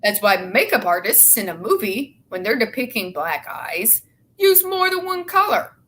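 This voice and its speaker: A woman's voice: a little high, very animated, moderate pace, a bit bright. A young woman in casual, opinionated chat, blunt and sarcastic with a lot of swearing. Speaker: show co-host.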